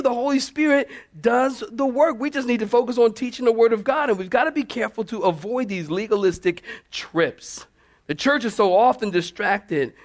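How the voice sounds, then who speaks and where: A male pastor preaching a sermon, telling stories with humor, laughing often and mimicking church members. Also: medium pitch. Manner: animated storytelling, mimics church ladies.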